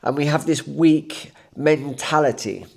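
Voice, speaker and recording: A man's voice: fairly high pitch, unhurried, creaky, breathy edge. A man, a coach giving a blunt, rambling, impassioned motivational talk, unscripted. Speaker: self-improvement coach.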